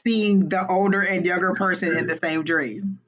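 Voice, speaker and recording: A man co-hosting a tarot reading stream, speaking in a halting, dry, sarcastic way. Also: sits high, steady tone, a bit bright. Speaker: tarot reader co-host. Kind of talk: casual live-stream chat.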